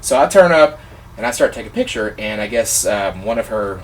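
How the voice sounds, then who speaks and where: A man vlogger telling a personal story in a casual, excitable, animated way, gushing like a fan. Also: fairly low pitch, fairly quick, distant mic, a little hiss or hum.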